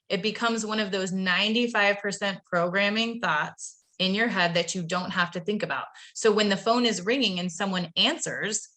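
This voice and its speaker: A woman's voice: mid-range voice, pushed and bright. A woman leading a live online training session, talking in an upbeat, chatty way and addressing her audience directly. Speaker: webinar presenter training real estate agents.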